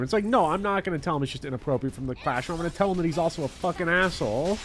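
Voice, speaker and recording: A man who works as a teacher, talking casually to his chat while gaming, blunt and heavily profane in an animated rant. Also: on the high side, rapid-fire. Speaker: teacher streaming a game.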